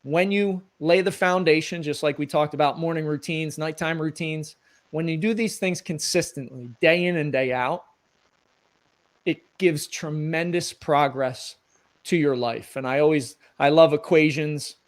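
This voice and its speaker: A man's voice: on the high side, measured pace. A middle-aged man, a guest on an interview show, talking earnestly in a motivational coaching tone about habits and routines. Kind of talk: conversational interview.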